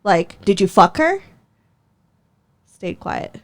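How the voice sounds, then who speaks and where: A woman's voice: mid-range voice, big pitch swings, slow pace. A young woman hosting a podcast, telling a story in casual chat, heated and profane, laughing often. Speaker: podcast host.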